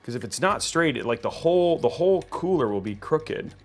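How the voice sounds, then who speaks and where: A man's voice: fairly high pitch, animated, brisk, a little hiss or hum. A man hosting a PC-building livestream, thinking aloud as he works, trailing off and restarting his sentences and reading out viewer messages. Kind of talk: casual livestream chat while building a PC.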